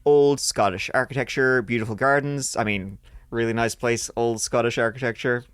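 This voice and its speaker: A man's voice: medium pitch, steady tone, normal speed, a bit bright, clear, resonant tone, dry recording, clean studio sound. A man hosting a podcast, reading listener stories aloud and breaking in with crude jokes. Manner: crude joking asides between read passages. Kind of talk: casual podcast banter while reading aloud.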